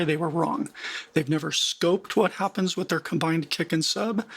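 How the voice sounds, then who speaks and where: A man's voice: high voice, fairly bright tone. A man giving a screen-share music production tutorial, conversational and emphatic, with frequent fillers and restarts.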